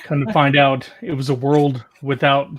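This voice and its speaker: A man's voice: mid-range voice, fairly even intonation, moderate pace. A man telling a long story in a loose, casual way, full of "like" and restarts, from a video call. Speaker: guest caller.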